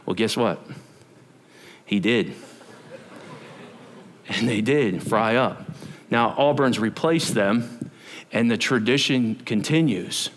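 A man, a pastor, preaching a sermon in church, chatty and animated, bantering with the congregation and asking them questions. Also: lowish voice, slow, long pauses.

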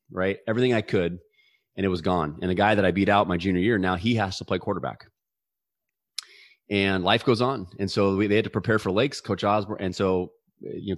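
A man's voice: lowish voice, no room sound, studio quality. A man in his forties telling a personal story as an interview guest, earnestly, with frequent restarts and repeated words. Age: 40s.

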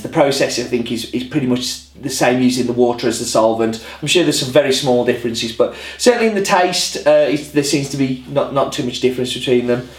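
A man hosting a coffee vlog in casual chat to camera, rambling and self-deprecating. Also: mid-range voice. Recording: roomy echo.

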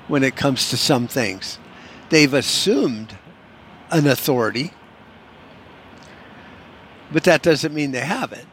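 A man's voice: fairly high pitch, a bit bright, a little hiss or hum. A man hosting a solo podcast, ranting in a profane, sarcastic way. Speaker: podcast host.

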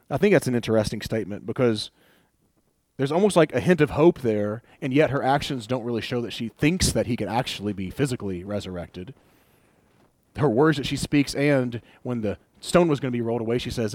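A man's voice: mid-range voice, dry recording. A man preaching a sermon in a casual, conversational way, acting out the lines of the people in the scripture he reads. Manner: conversational, animated quoting of scripture figures. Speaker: pastor.

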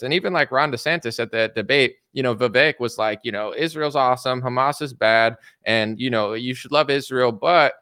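A man with a bright, forceful voice talks politics in a casual, sarcastic way. He slips into mocking impressions now and then. The sound is close and dry. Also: medium pitch, no echo. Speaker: podcast host.

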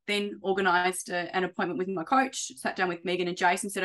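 Animated woman, fairly low voice. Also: normal speed. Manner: animated, acts out quoted conversations. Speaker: property investor client. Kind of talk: casual interview chat.

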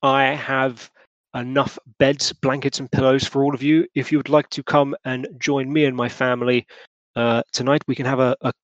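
A man plays a pompous Victorian gentleman, fussy and overly polite, stumbling over his words in a tabletop game. The voice is close and dry. It rises eagerly when he takes charge. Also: mid-range voice, flat delivery, moderate pace, no room sound, lo-fi sound, close to an everyday voice. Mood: hearty.

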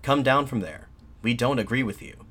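A man voicing angry soldiers heckling from a crowd, in a loud, scornful way. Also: fairly low pitch, moderate pace, husky. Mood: jeering.

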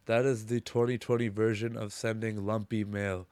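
A man's voice: lowish voice, flat delivery, normal speed, a little mellow, no echo. A man hosting a podcast in casual conversation, laid-back and slangy, with enthusiastic reactions. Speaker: podcast host.

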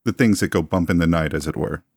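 Deep-voiced florid showman, 1920s curator type, dry close sound voiced by a male player. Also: fast, husky, no room sound. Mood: suave. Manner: florid, long-winded, genteel phrasing. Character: pompous male 1920s museum owner, smooth-talking. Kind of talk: tabletop role-play in character.

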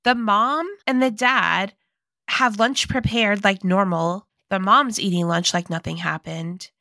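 A woman's voice: medium pitch, steady tone, measured pace, bright, forceful tone, dry recording. A woman co-hosting a podcast, casually recapping a movie and animatedly acting out the characters' lines. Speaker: podcast co-host.

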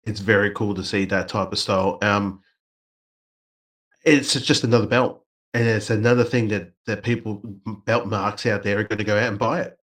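A man's voice: fairly low pitch, steady tone, moderate pace, fairly bright tone. A man co-hosting a casual wrestling chat, playful and swearing freely, slipping into mocking voices. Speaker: podcast co-host.

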